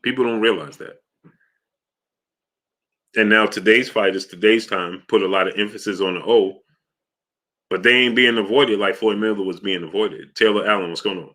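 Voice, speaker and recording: A man's voice: lowish voice, steady tone, moderate pace, long pauses, sharp tone. A man hosting a casual live stream, greeting viewers by name, reading their comments and asking for likes.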